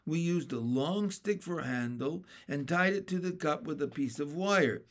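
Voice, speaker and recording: A man reading aloud and voicing a sensible, capable older sister who speaks in a calm, matter-of-fact way. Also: fairly high pitch, normal speed.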